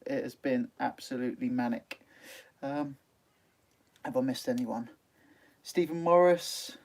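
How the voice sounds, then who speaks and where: A man hosting a live fishing stream, chatting casually and reading out viewer comments, laughing often and filling pauses with "um". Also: medium pitch, darkish tone. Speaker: sea angling channel host. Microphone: phone.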